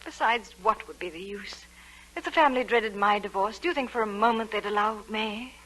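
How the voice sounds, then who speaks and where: An actress playing Ellen, a torn young woman in love, in a 1940s radio play, speaking softly and pleadingly. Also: mid-range voice, a little fast, a little hiss or hum, lightly acted, rough recording. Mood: tender. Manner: soft, pleading and restrained. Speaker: narrating lead in a radio play. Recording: old radio broadcast with faint music.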